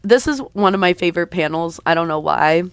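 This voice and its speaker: Talking fairly quickly in a smooth, fairly low voice with a slight rawness, a streamer and artist chats loosely with her live-stream audience. She rambles and hesitates, and there's no echo.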